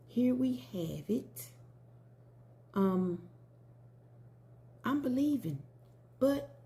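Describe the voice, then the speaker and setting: A woman's voice: sits high, very animated, extremely slow, pauses often, warm tone, a little hiss or hum. A woman giving casual commentary and a tarot reading, chatty and talking straight to her viewers. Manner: chatty, addresses viewers as y'all. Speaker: tarot reader.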